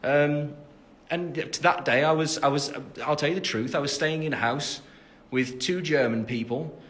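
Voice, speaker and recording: Fairly high-pitched and a bit bright, his voice moves at a normal speed. He's in his twenties with an English Midlands accent, back home after the gym and chatting loosely with fans on a livestream recorded through his phone camera, full of fillers and self-deprecating remarks.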